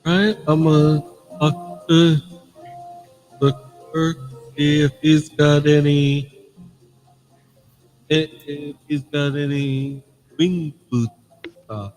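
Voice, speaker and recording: A man playing a tabletop game, telling the game master what his character does, with hesitant pauses. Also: fairly high pitch, flat delivery, a little mellow, soft background music, rough recording. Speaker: player. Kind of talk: casual tabletop play.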